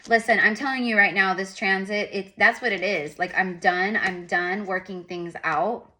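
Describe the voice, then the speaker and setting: Bright, chatty woman tarot reader, rambling and repetitive. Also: medium pitch, moderate pace, slight background noise. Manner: rambling, repetitive, animated asides. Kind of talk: casual spoken tarot reading.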